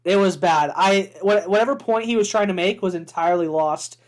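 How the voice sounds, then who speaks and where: A man's voice: high voice, brisk. A man co-hosting a sports podcast, chatting casually, teasing and laughing easily. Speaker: podcast co-host.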